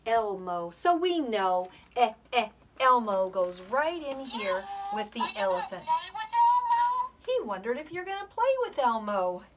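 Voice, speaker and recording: Slow breathy preschool teacher lady sounding out letters, kinda far from the mic. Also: on the high side, big pitch swings, background noise. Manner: sounds out letters slowly, with playful gasps and soft asides. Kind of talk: recorded preschool lesson. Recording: voice from a distance.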